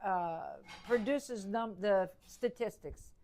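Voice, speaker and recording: A woman's voice: mid-range voice, slow pace, mellow, slight background noise. A woman hosting a casual Q&A in front of an audience, who laughs often and makes emphatic asides. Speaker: host. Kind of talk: casual Q&A talk. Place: room with a live audience.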